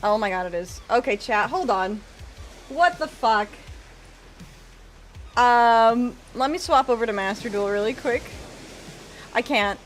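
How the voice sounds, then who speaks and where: High lively girl voice, streamer chatting w her chat, teasing, home mic. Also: measured pace, pauses often. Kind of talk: casual live-stream chat with viewers.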